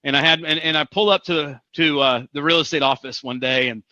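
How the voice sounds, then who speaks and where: Male real estate coach from Missouri, punchy motivational delivery, bright tone, dry lo-fi sound. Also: fairly high pitch, a little fast, no echo. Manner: energetic, emphatic, repeats for punch. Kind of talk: motivational seminar talk.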